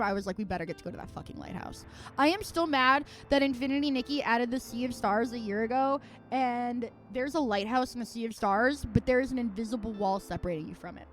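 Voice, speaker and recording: A woman streamer chatting casually at home while she plays, rambling and venting with plenty of swearing. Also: fairly high pitch. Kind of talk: casual livestream chat while gaming.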